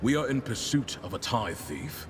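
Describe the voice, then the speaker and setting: A man's voice: medium pitch, lively intonation, normal speed, noisy background, natural voice. An actor playing a stern male enforcer officer who gives formal, clipped orders.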